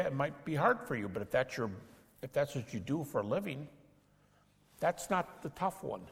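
A middle-aged man teaching a lecture to an audience, acting out dialogues with doubters in an animated way. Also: medium pitch, gravelly, long reverb tail. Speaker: speaker teaching apologetics.

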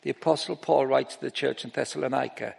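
A middle-aged man preaching an informal sermon, breaking off and restarting his sentences and growing animated as he tells stories. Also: mid-range voice, quick pace, gravelly, slightly rough. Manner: informal, self-interrupting, grows animated while telling stories. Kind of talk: sermon with anecdotes. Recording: long reverb of a large hall.

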